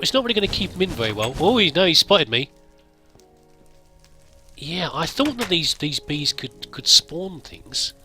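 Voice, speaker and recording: A man's voice: on the high side, bright, forceful tone. A man giving casual gameplay commentary, chatting to himself and laughing at his own mistakes. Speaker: gameplay video host.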